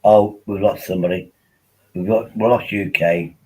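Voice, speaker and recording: A man's voice: sits low, steady tone, normal speed, darkish tone, husky, low-quality recording. A man hosting a casual livestream, rambling and joking while tipsy on wine, often repeating himself. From England. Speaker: livestream host.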